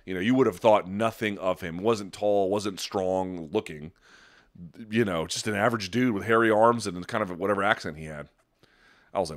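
A man hosting a podcast, telling stories and chatting casually with a rambling, profane, animated delivery. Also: deep voice, normal speed. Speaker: podcast host. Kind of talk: casual chat and storytelling.

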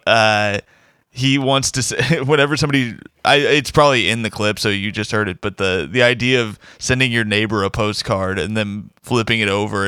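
A man's voice: on the low side, bright, forceful tone, clean tone, dry recording, studio quality. A man hosting a podcast, chatting casually and enthusiastically, rambling with fillers. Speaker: podcast host. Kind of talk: casual chat.

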